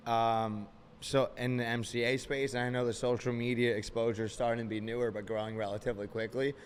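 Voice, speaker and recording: A man's voice: medium pitch, flat delivery, brisk, in a large hall, slight background noise. A young man from New York with a New York accent, hosting a casual podcast, brash and swearing constantly. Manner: brash, swears constantly, acts out phone calls in voices. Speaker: podcast host. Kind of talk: casual profane podcast chat.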